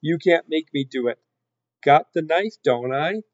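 A man voicing a dim, tearful young serving girl who talks in a rough, plaintive whine. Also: on the high side, unhurried, no room sound, pitched above the performer's own voice, natural voice. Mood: defiant. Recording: dull lo-fi recording.

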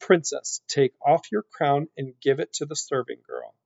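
A man's voice: fairly high pitch, wildly swooping pitch, measured pace, gravelly, a little mellow, no echo, full character voice. A man voicing a cruel, scornful male rat villain with a haughty, sneering delivery. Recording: dull lo-fi recording.

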